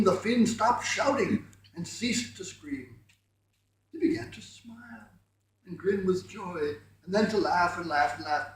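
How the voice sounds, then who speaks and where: A man reading his friend's rhyming poems at a poetry night, with chatty, modest asides between them. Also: high-pitched. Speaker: poetry reader. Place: room at a poetry night event. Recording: very echoey room, mic far off.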